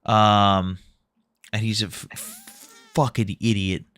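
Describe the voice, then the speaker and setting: A man's voice: fairly low pitch, little pitch movement, slow, a bit bright, clear, resonant tone, no room sound. A man hosting a casual heated debate, blunt and profane, brushing off points he finds off topic. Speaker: host.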